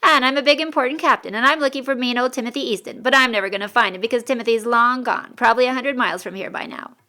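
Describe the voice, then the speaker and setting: A woman's voice: on the high side, fast, sharp tone, pitched above the performer's own voice. A woman voicing a brash, teasing teenage boy who jokes at the wrong moments. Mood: cheeky. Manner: cheeky, teasing.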